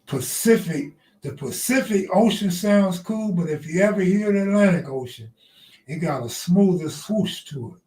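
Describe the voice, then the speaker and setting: A man's voice: sits high, expressive, normal speed, dark tone, roomy sound, distant mic. A man hosting a casual live stream, joking loosely with his chat and laughing often. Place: outdoors near the ocean.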